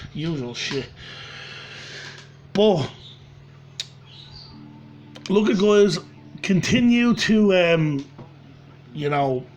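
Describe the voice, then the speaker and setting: Dublin man, a bit high-pitched, angry sweary monologue, faint noise floor. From Ireland. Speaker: channel host. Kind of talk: ranting monologue.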